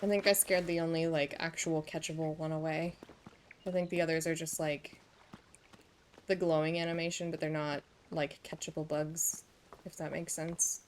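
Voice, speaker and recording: A woman's voice: low voice, little pitch movement, normal speed, slight background noise. A woman streaming a video game, chatting to herself and her viewers and reading the game's lines aloud. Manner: chatty, muses aloud, reads game text. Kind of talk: casual gameplay chat. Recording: faint game music behind.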